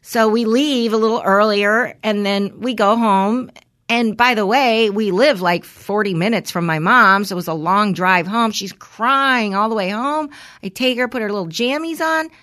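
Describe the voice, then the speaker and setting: A woman co-hosting a podcast, telling candid stories as a mother in a casual, expressive way. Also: medium pitch, normal speed. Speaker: podcast co-host. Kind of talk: casual chat.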